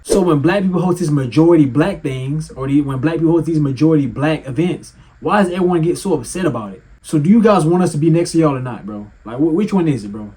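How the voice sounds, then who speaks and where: Heated husky man ranting. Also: on the high side, fast, few pauses. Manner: animated, mocking, swears and laughs often. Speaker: commentator reacting to clips. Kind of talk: heated reaction commentary.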